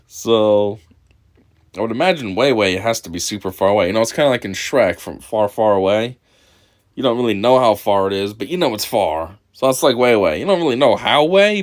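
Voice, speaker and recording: A man talks over a video he is reacting to, mocking it in crude terms. His pitch swings all over the place, from low grumbles to sudden high yelps. He keeps breaking into laughter as he goes. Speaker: commentary host. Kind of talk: reaction commentary.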